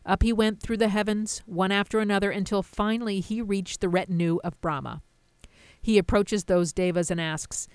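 A woman's voice: mid-range voice, steady tone, normal speed, clean tone, no echo. A woman teaching a Buddhist sutta, retelling its story with plain asides. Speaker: dharma teacher.

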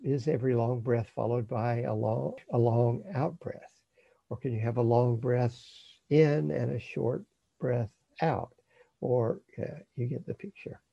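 A man calmly teaching breath meditation, speaking in a slow, measured way that trails off softly at the ends of phrases. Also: mid-range voice, vocal fry, breathy edge, no room sound, muffled recording. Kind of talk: guided meditation instruction.

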